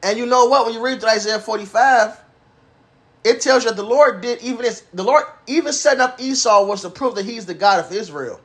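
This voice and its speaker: A man with a high-pitched voice preaches, reading old scripture verses aloud and then breaking them down in blunt, cursing street slang. His delivery is emphatic and pointed. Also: a little fast, fairly bright tone. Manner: profane, emphatic, reads King James verses then explains in slang; acts out a bragging axe in a mocking voice.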